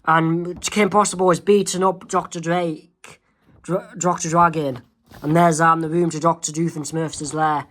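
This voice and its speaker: Man haltingly reading his comic aloud. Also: on the high side, flat delivery, fairly bright tone. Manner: halting, with fillers and self-corrections. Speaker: amateur comic artist, channel host.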